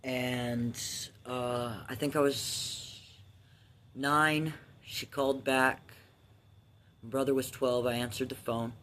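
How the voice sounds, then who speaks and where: A man's voice: mid-range voice, moderate pace. A man in his thirties casually telling his own life story, candid and profane, with restarts and filler ums. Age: 30s.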